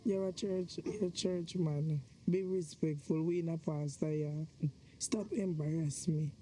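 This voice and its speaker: A woman's voice: low voice, steady tone, measured pace, warm tone, a little hiss or hum. A woman playing a prim scolding Jamaican churchwife. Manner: scolding, insisting on respectability. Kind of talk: Jamaican film drama acting.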